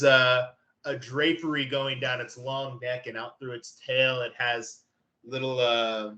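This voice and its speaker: A man narrating a tabletop game as game master, describing scenes in a halting way with many fillers. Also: medium pitch, pushed and bright, reverberant, low-quality recording.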